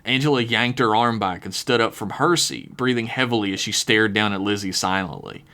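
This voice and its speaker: A man's voice: on the low side, brisk, pushed and bright. A man hosting a podcast, narrating an improvised horror story with casual, wry asides. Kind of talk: improvised spoken-word fiction narration.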